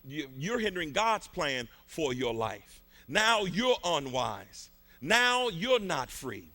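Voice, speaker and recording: A man preaching a fervent sermon in a colloquial, repetitive style, rising to shouts at its peaks. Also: on the high side, big pitch swings, slow pace.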